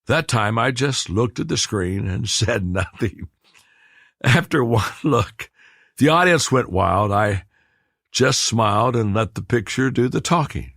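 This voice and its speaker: A middle-aged man narrating an audiobook in a measured, deliberate way, leaning on pauses for emphasis. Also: mid-range voice, gravelly, fairly bright tone, no room sound, clean studio sound.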